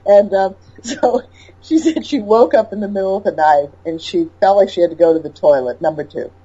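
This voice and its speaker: A woman's voice: medium pitch, brisk, breathy edge, highs cut off. A woman interviewer and birth educator telling an anecdote with emphatic repetition in a casual chat. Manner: animated storyteller, emphatic repetition.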